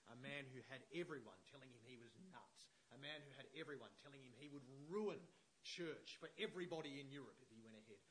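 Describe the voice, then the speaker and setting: A man preaching a sermon, emphatic and animated, checking in with the congregation with frequent "yeah?" questions. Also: medium pitch, fast, slight background noise, low-quality recording. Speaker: pastor.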